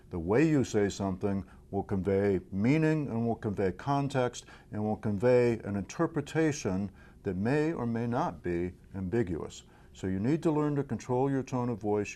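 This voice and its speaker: A man presenting a communication tips lesson straight to the viewer, in a clear, deliberate, instructional way. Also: on the low side, warm tone. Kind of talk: direct-to-camera coaching lesson.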